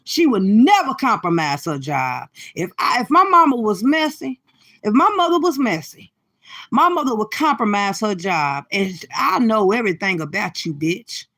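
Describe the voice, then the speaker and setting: A middle-aged woman doing profane, brash reaction commentary from her car, cursing and laughing through loud rants. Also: a little high, animated, moderate pace. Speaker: livestream commentator.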